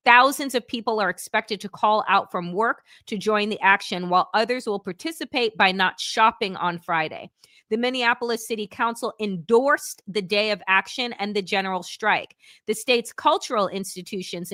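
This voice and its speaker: A woman's voice: mid-range voice, pushed and bright, no echo, studio quality. A woman hosting a live political talk show, speaking in an impassioned, conversational way and reading news reports aloud. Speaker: host.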